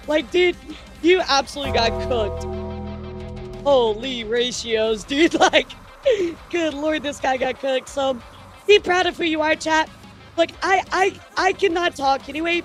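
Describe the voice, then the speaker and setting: A woman streamer chatting casually through the news with her viewers, rambling and excitable, often stammering and swearing. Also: sits high, measured pace, soft background music.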